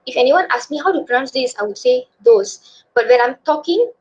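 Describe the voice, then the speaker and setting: A young Malaysian woman with a high voice and lively intonation talks fairly quickly in a Malaysian accent while presenting casually to a student webinar. Her chatty delivery is packed with fillers, and the video-call audio comes across dull and lo-fi.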